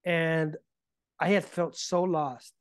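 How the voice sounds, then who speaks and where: A man being interviewed, telling his story in a casual, animated way and acting out the arguments he reports. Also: fairly high pitch, slow pace, smooth, no echo, clean studio sound. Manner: animated, acts out quoted arguments. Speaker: podcast guest.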